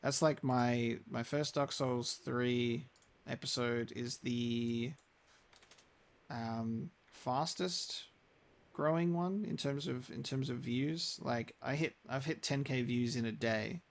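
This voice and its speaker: A man's voice: medium pitch, slow pace. A young man chatting casually while live-streaming a game, rambling with many restarts.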